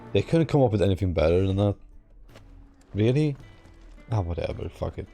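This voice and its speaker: Deep raspy streamer guy, sarcastic, swears a lot, quiet game music under him. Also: animated, normal speed. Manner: sarcastic, swearing, hums and mocks the dialogue. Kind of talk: casual let's-play commentary. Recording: game music faint behind.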